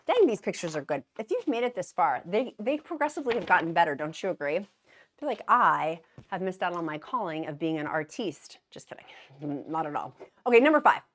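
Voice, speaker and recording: A woman's voice: fairly low pitch, sing-song, moderate pace. A woman vlogger, chatting casually and jokingly to her viewers, laughing at herself. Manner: chatty, jokey, laughs at herself, says "y'all" and "honey". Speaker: weight-loss vlogger. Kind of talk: casual chat to camera.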